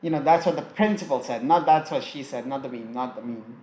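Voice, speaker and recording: A man's voice: medium pitch, a little fast, darkish tone. A man casually reading out a fan-written story, rambling and interrupting himself, tired from many takes. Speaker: fan fiction narrator. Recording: echoey room with faint ambient noise.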